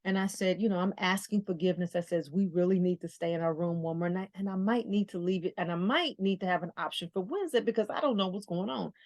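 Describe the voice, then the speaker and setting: A middle-aged woman from the Bay Area hosting a podcast, telling a story with lively acted-out dialogue and repeated phrases. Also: on the low side, fast, hardly any pauses, no echo. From San Francisco Bay Area. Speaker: podcast host. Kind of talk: storytelling motivational talk.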